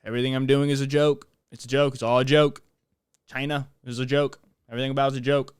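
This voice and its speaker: A man's voice: medium pitch, flat delivery, fast talker, clear, resonant tone, no echo, studio quality, close to an everyday voice. A man voicing a brash male politician in a lightly mimicked, blustering, repetitive way. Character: brash male politician declaring it all a joke.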